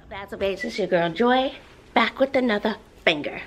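A woman teacher vlogs straight to the camera from her classroom. Her voice sits at a middling pitch. She talks in an expressive, venting way, laughing and sighing as she goes. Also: moderate pace. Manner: expressive, ranting, sighs and laughs often. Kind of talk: casual vlog talk to camera.

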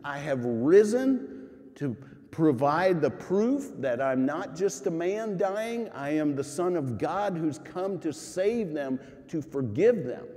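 A male pastor preaching a sermon at a slow, measured pace, his mellow voice rising with emphasis and falling to near hush. The sound rings with the long reverb of a church sanctuary. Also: fairly high pitch, very animated. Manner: earnest, emphatic preaching with dramatic rises and soft drops.

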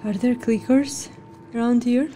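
A woman giving gameplay commentary, jumpy and swearing, gasping and yelling at the game as she plays. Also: a little high, fairly even intonation, unhurried, a little hiss or hum. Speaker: gaming channel host. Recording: game sounds loud behind voice.

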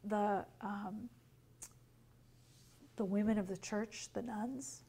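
A woman teacher reading a picture book aloud to young children, gently explaining and asking questions. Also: medium pitch, steady tone, takes it slowly, slightly rough.

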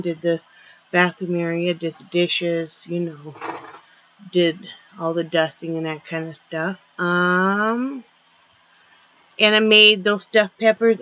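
A woman's voice: on the low side, fairly bright tone, muffled recording. A woman chatting casually in a rambling home vlog, with lots of fillers. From Florida. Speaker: vlogger. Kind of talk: casual daily vlog chat.

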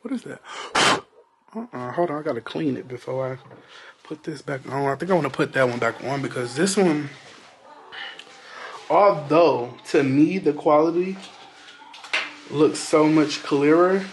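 A man's voice: a little high, measured pace, pauses often, slight background noise. A man chatting casually to viewers in a vlog, talking straight to them and exclaiming often. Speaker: vlogger. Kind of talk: casual vlog chat to camera.

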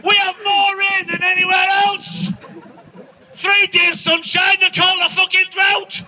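A man doing stand-up to an outdoor protest crowd, ranting loudly and swearing, shouting his punchlines. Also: very high-pitched, flat delivery, unhurried, slight background noise, low-quality recording. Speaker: stand-up comedian.

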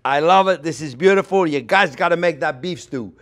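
A man with a French accent hosting a cooking show, teaching a recipe in a chatty, animated way with playful exclamations. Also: a little high, fairly quick. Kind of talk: casual cooking demonstration.

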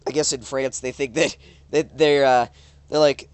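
A man's voice: medium pitch, fairly even intonation, moderate pace, clean tone, no echo. A man with a stuffed-up nose giving casual, rambling commentary while playing a driving game, often exclaiming at the road. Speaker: gaming YouTuber.

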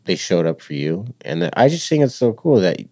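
A man hosting a podcast, asking gentle, halting questions in a casual interview. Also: fairly low pitch, big pitch swings, dry recording, clean studio sound. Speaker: podcast host.

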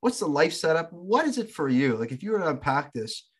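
A man's voice: on the high side, big pitch swings, fairly quick, husky. A man hosting a podcast who reflects philosophically on what his guest has said and affirms him. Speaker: podcast host. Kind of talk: interview conversation.

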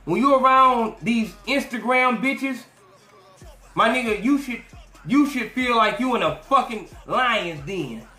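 Male podcast host, animated and profane, mocking tone, high voice, roomy echo. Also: measured pace, faint music behind. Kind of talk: profane commentary rant.

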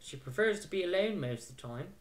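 A man's voice: high voice, animated, fast talker. A man voicing a polite orphanage staff member in a put-on British accent. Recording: roomy with faint noise.

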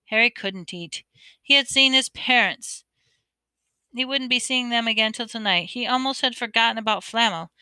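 A woman reads a novel aloud expressively, sometimes tripping over words. Her voice is bright and crisp. The recording is close and dry, with no room sound. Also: on the high side, no echo. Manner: expressive reading with occasional stumbles. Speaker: audiobook reader. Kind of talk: amateur audiobook narration.

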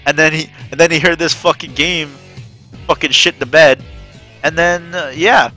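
A man streaming a game, ranting in loose profane bursts. His voice is bright and forceful, with faint game music behind. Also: fairly high pitch, steady tone, normal speed. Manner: profane ranting, swearing often. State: panicked. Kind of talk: casual game stream commentary.

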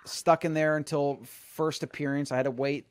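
A man's voice: fairly high pitch, level tone, normal speed, no echo, clean studio sound. A man hosting a podcast, telling stories in a boastful, rambling way, full of restarts. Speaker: podcast host. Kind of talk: casual chat.

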